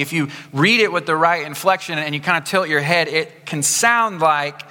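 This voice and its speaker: Bright-voiced male pastor in reverberant church. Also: a little high. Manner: conversational, slows down for emphasis. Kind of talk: sermon. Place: church sanctuary.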